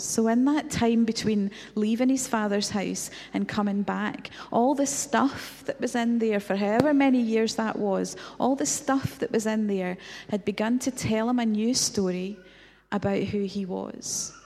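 A woman's voice: medium pitch, fairly even intonation, a little slow, gravelly, warm tone. A woman preaching a reflective sermon, retelling a story with rhetorical questions. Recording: long hall reverb.

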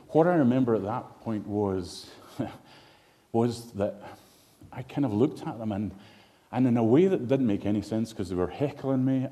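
Man, middle-aged, pastor, sermon, mellow voice, emotional storytelling. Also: medium pitch. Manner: emotional, storytelling, rising to passionate emphasis.

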